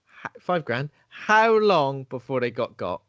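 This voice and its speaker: A man's voice: mid-range voice, sing-song, unhurried, fairly bright tone, smooth, dull audio. A man co-hosting a film podcast, making sarcastic, sweary asides. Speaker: podcast co-host. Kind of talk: casual film chat.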